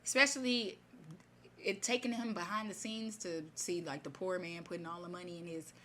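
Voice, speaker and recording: A woman retelling a fairy tale in her own casual words, chatty and animated, with many fillers and asides. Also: lowish voice, moderate pace, a little hiss or hum. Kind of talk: casual spoken retelling of a story.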